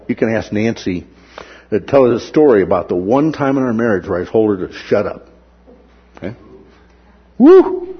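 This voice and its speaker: A man's voice: lowish voice, moderate pace, pauses often, breathy edge, highs cut off. A man preaching a sermon who acts out the words of the people in the story. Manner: animated, acts out the characters' words.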